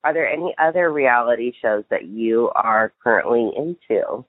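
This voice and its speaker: A woman's voice: a bass voice, animated, normal speed, dry recording, phone-quality sound. A woman hosting a casual interview, encouraging her guest with frequent affirmations, heard over remote call audio. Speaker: podcast host.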